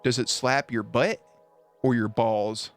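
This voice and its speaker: A man's voice: mid-range voice, steady tone, slow, soft background music. A man voicing his middle-aged mother, a goofy and blunt woman who asks puzzled questions.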